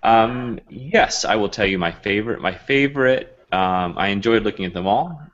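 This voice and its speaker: A man's voice: on the low side, lively intonation, normal speed, fairly bright tone, dull audio. A man hosting an online show, talking casually and rambling with lots of fillers. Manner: rambling, chatty, many fillers. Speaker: host. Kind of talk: casual video call chat.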